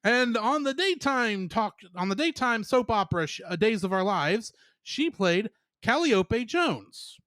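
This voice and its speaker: High bright voiced guy on a podcast, chatty, laughs a lot, dry close sound. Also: very animated, a little slow, no echo. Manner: chatty, laughs often, trivia-minded. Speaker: podcast co-host. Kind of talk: casual podcast chat.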